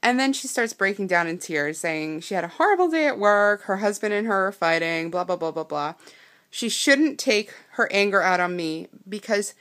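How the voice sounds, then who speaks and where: A young woman vlogger recounting a personal story, halting and emotional, with many ums and restarts. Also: medium pitch, expressive, fairly bright tone.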